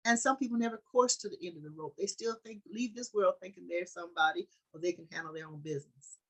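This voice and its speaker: A woman's voice: lowish voice, quick pace, breathy edge, rough recording. A woman teaching scripture in a conversational, preachy way, often restarting her sentences. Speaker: Bible study teacher.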